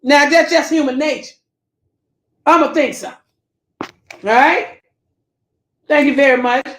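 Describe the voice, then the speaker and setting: A woman's voice: high-pitched, unhurried, echoey room. A woman hosting a casual livestream, reading viewer comments and giving blunt, repetitive, preachy opinions. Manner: blunt, preachy, repeats herself, Southern Black vernacular phrasing.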